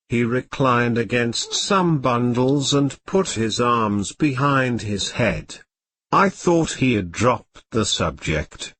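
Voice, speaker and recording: A computer-generated male voice narrating an audiobook in a slow, even reading. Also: medium pitch.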